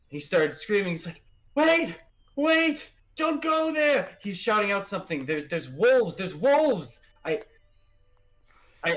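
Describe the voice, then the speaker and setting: A man voicing a wounded male cart driver who stammers as he hurriedly pleads his side of the story. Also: fairly high pitch.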